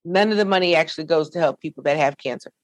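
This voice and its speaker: A middle-aged woman, the founder of a nonprofit, tells her own story to a panel in an animated, preacherly way. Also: low-pitched, fast, dry recording. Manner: animated, lively storyteller, preacherly call-and-response.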